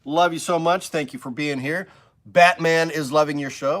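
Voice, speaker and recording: A man's voice: on the high side, normal speed, a bit bright. A man from the hosting a casual live stream from a music store studio, upbeat and rambling.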